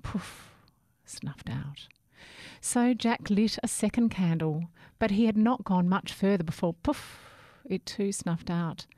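Slow, low-voiced woman storyteller. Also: no echo, clean studio sound. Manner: slow, deliberate, expressive. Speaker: narrator. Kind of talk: storybook reading aloud.

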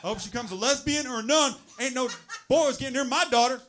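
A man voicing an overprotective, gruff Southern father, drawling loudly. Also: very high voice, fast, voice pushed up. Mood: protective. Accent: Southern US (put on). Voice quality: loud, drawling, blustering. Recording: noisy live club recording, audience laughter.

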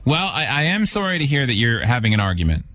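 A male host taking calls and joking with his callers. His delivery is deadpan and teasing, but the pitch swings about a lot. His voice sits in a middle register. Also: fast. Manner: deadpan, teasing one-liners. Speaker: radio-style call-in host. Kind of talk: comedic call-in banter.

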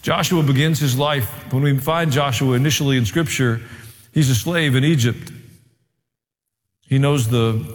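A male pastor preaching a sermon, with humorous asides and rising emphasis as he goes. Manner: preaching, growing more emphatic and raised in pitch. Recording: long hall reverb.

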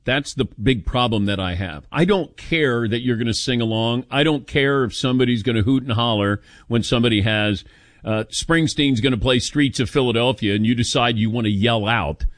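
A man's voice: normal speed, no echo. A middle-aged man hosting a sports talk radio show, opinionated and emphatic, taking calls from listeners. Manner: opinionated, animated, jumps in pitch for emphasis.

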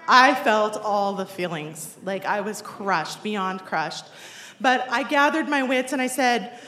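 A woman in her forties with a mid-range, slightly bright voice speaks slowly as she tells an audience a personal story, wry and self-deprecating, often laughing as she goes. The recording has a roomy echo.

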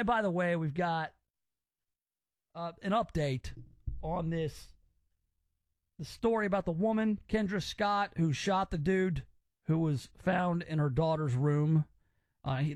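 A man's voice: a little high, no echo, clean studio sound. Memphis guy hosting a radio talk show, voice jumps all over the place, rambly and opinionated. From Memphis, Tennessee, US. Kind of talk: casual talk radio chat.

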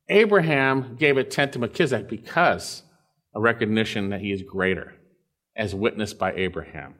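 A man's voice: mid-range voice, a bit bright. A man preaching an expository sermon, teaching verse by verse and checking in with his listeners. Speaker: pastor.

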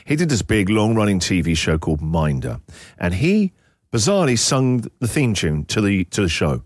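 A man with an English accent hosting a radio phone-in show, telling an animated story and chatting with callers. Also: fairly low pitch, normal speed, no echo, studio quality. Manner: animated anecdote teller, acts out quotes. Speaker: radio breakfast show host. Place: radio studio. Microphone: studio mic.

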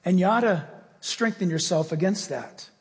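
Male preacher: animated sermon, high, gravelly voice, hall reverb. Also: moderate pace. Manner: animated, conversational, acts out the story characters.

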